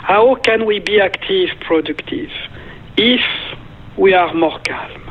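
A man's voice: high voice, takes it slowly, slight background noise. A man from France with a French accent, a meditation teacher and guest, speaking earnestly in short phrases. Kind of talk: phone-in interview. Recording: tinny phone line.

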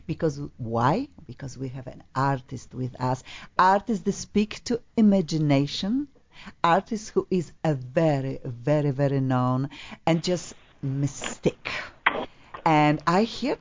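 A woman's voice: low voice, lively intonation, measured pace, darkish tone, dull audio, a little hiss or hum. A woman from Poland with a Polish accent, hosting a live radio talk show in a gushing, effusive way. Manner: effusive, gushing, non-native grammar.

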